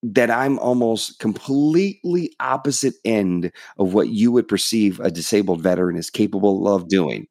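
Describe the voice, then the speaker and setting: A man's voice: lowish voice, lively intonation, normal speed, few pauses, darkish tone, dry recording, clean studio sound. A man guest on a podcast, talking frankly and telling his own story, acting out what people said to him. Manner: candid storytelling, acts out past dialogue. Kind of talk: casual interview chat.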